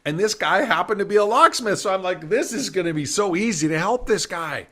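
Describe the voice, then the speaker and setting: A middle-aged man, a business speaker, telling a story in a summit talk in an animated way and acting out the voices he quotes. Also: high voice, a little fast. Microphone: video call.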